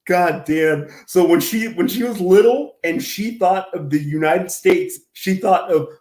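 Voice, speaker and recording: A man's voice: high voice, unhurried, darkish tone, echoey room. A man hosting casual commentary, rambling and self-deprecating, laughing often as he tells stories. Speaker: commentary channel host.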